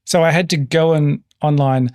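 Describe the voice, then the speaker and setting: A man's voice: on the high side, fairly even intonation, normal speed, darkish tone, clear, resonant tone. A man co-hosting a podcast in casual chat, laid-back and easygoing. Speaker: podcast co-host.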